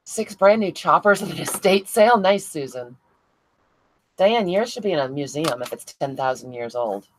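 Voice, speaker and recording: A chatty woman with a low, deep speaking voice hosts a crafting livestream from home. She talks casually while she works, answering viewers by name and laughing often. A faint hiss sits under the recording. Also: lively intonation, moderate pace, low-quality recording. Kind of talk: casual livestream chat reading viewer comments.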